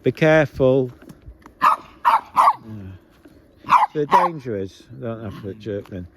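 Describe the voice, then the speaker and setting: A man's voice: medium pitch, very animated, slow. A man chatting casually and coaxing his dogs on an outdoor walk, recorded on a handheld phone. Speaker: vlogger. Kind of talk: casual chat while walking dogs. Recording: outdoor phone audio with background noise.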